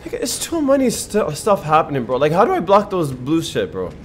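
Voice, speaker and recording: A man's voice: wildly swooping pitch, fairly quick. Exasperated young man muttering over gameplay. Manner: exasperated, swings between low mutters and loud outbursts. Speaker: gaming streamer. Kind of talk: live gameplay commentary. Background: game music.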